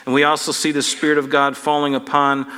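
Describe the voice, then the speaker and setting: A man preaching with a bright, forceful voice that rings out in a hall with a long reverb tail. He speaks as a pastor in an earnest, preacherly way, stacking up rhetorical questions. His pitch sits a little above the usual for a man. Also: completely flat delivery, a little fast, smooth. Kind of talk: sermon.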